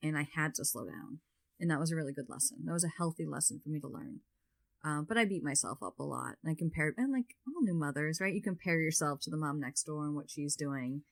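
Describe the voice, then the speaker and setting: Chatty woman, lower-pitched voice. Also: quick pace, creaky. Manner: chatty, filler-heavy, frequent "like"; grows loud and lively when telling stories. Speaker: podcast guest. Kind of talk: casual podcast conversation.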